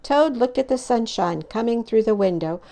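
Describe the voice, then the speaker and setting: A woman reading a children's picture book aloud in an expressive, animated way. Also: a little high, normal speed, vocal fry. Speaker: storyteller.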